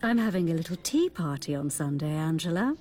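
An actor playing a polite, gracious doctor's wife. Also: female voice, sits low, sing-song, fairly quick, darkish tone.

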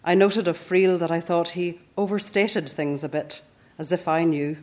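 A Northern Irish woman in her fifties reading her own reflective first-person essay in a measured way. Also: fairly low pitch, fairly even intonation, a little mellow. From Northern Ireland. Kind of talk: scripted first-person narration.

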